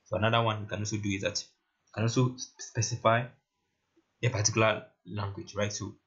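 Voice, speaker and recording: A fairly quick, fairly bright man's voice sits on the low side and barely moves in pitch. He talks casually through a screen-recorded coding tutorial, often repeating "right?" and "very interesting," captured on a muffled lo-fi mic with keyboard clicks in the background.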